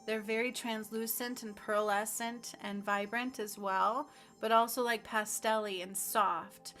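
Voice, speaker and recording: A woman leading a guided healing meditation, speaking slowly and earnestly and reciting affirmations aloud. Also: medium pitch, steady tone, fairly bright tone, faint music behind. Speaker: spiritual healer.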